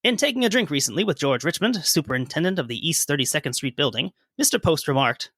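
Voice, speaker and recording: Bright-voiced man on a history podcast. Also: on the high side, animated, fast, few pauses, no echo. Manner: reads sources aloud, dry jokes. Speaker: podcast co-host. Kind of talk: history podcast narration and chat.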